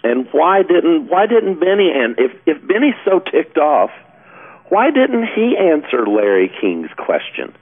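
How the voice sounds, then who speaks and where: A male radio co-host who argues his point with a string of pointed questions. His pitch moves a lot as he pushes his case. The sound is thin and tinny, like a phone line. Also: sing-song, unhurried. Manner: argumentative, questioning. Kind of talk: talk radio commentary.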